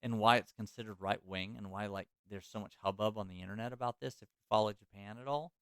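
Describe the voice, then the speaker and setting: Low smooth-voiced man telling a history story. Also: steady tone, fast talker, fairly bright tone, dry recording. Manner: loose, filler-heavy, self-correcting. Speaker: podcast host. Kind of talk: casual storytelling chat.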